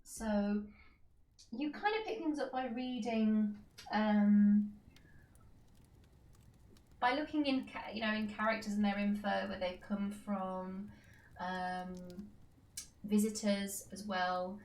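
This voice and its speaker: A woman's voice: medium pitch, takes it slowly, long pauses, a little mellow, recorded from a distance. A woman streaming a game, chatting casually in a rambling way, with many fillers and restarts. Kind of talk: casual live-stream chat. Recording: echoey room, faint background noise.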